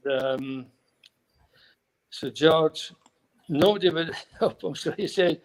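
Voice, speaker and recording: Older scottish guy rambling through old stories, voice a bit high, chuckles here and there. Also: slow, pauses often, rough recording. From Scotland. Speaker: guest, former footballer. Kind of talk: casual storytelling.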